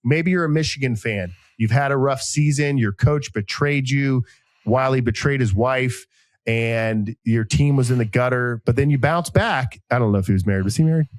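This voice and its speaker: A man in his thirties hosts a casual podcast and drifts between jokes, deadpan asides and sponsor reads. His pitch sits in the middle of the male range. The sound is dry and close, with no room echo. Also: moderate pace. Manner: joking, rambling, deadpan asides. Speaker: podcast host.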